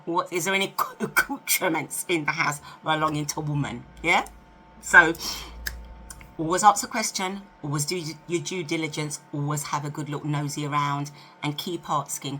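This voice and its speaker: A woman in her fifties, a vlogger telling a dating story in a chatty, animated way to camera. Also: deep voice, slight background noise. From United Kingdom. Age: 50s. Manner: chatty, animated, asks rhetorical questions. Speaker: lifestyle vlogger.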